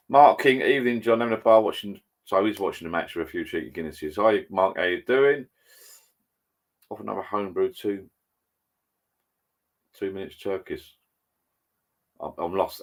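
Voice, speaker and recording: A man's voice: low-pitched, slightly rough. An older man hosting a casual livestream from his home bar, chatty and rambling, reading viewer comments aloud. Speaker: livestream host. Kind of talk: casual live chat.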